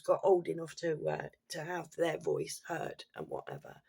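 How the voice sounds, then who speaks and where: A woman's voice: low voice, very animated, normal speed, vocal fry, warm tone, slightly rough. A woman ranting bluntly and swearing freely, in an exasperated casual monologue. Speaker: commentator.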